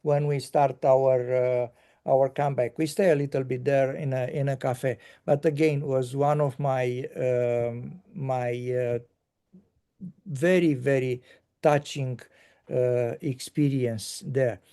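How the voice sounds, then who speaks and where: An older man from Romania, recounting a tour in casual conversation, halting with many fillers and restarts. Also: mid-range voice, fairly even intonation, mellow, clear, resonant tone.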